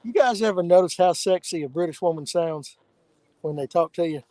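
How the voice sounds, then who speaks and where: A man chats and teases his buddy while fishing on a lake. His voice sits a bit high, and he talks in an easy, drawling banter. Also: fairly quick, warm tone, no room sound, low-quality recording. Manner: joking, drawling banter with a friend. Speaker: fishing video host. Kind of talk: casual chat while fishing. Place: outdoors on a boat on a lake.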